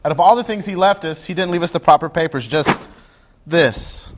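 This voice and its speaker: A man's voice: fairly high pitch, normal speed, heavy background noise, natural voice. A man playing an earnest cemetery caretaker.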